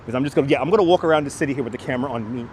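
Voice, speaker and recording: Racing along in a medium-pitched, darkish voice, this middle-aged livestreamer from New York has a light local accent. He walks the city talking with viewers and responding to comments, picked up by a wireless clip-on mic with faint street noise around him.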